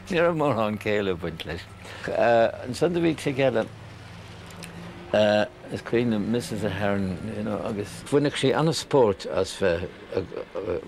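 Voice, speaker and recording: An older Irish man reminiscing casually, chuckling and pausing with many fillers. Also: lowish voice, vocal fry, a little hiss or hum. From Ireland. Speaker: storyteller.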